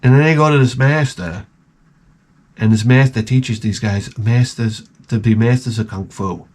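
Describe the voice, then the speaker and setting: A middle-aged man hosting his own channel, telling rambling, profane stories in a casual, animated way. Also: mid-range voice, normal speed. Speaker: channel host. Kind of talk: casual storytelling to camera.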